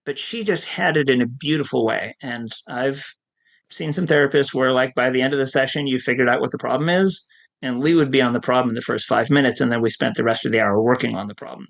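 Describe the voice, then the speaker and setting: A man's voice: medium pitch, vocal fry, fairly bright tone. A middle-aged man who works as an addiction counselor, telling his story in an interview in a candid, self-deprecating way and laughing easily.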